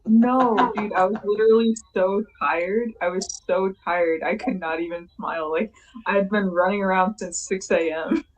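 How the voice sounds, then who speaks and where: A woman guest on a podcast, laid-back and quick to laugh, chatting casually. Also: medium pitch, poor audio. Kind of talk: casual chat.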